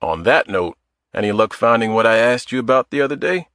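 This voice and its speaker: A man's voice: medium pitch, lively intonation, a little fast, fairly bright tone, dry recording, studio quality. Man doing a wisecracking middle-aged guy. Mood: earnest. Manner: wisecracking, easygoing. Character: mid-forties man, joking, sore, affectionate. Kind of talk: audiobook character voice.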